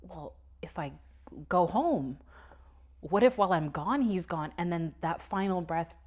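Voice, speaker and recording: Low-voiced woman telling a personal story. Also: expressive, measured pace, darkish tone. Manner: candid storytelling with swearing and nervous laughs. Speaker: podcast co-host. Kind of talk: casual conversation.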